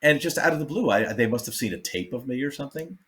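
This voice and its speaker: A man, a comedian guest, telling backstage stories in a casual, animated way and acting out the people he quotes. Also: mid-range voice, fast, a little hiss or hum. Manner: animated, acts out quotes, laughs often. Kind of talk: casual storytelling.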